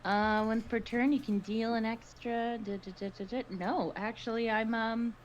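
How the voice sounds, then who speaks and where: A woman's voice: fairly high pitch, level tone, normal speed, a little hiss or hum. A woman playing a tabletop game, flustered and stumbling as she works out her character's moves. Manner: flustered, stumbling, trying out put-on accents. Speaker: player. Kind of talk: casual tabletop game play. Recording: dull stream audio with faint ambience.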